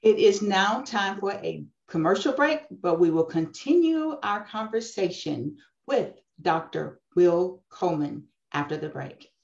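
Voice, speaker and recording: A woman hosting a talk show, asking slow, deliberate interview questions. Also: fairly low pitch, animated, gravelly, a little mellow, muffled recording.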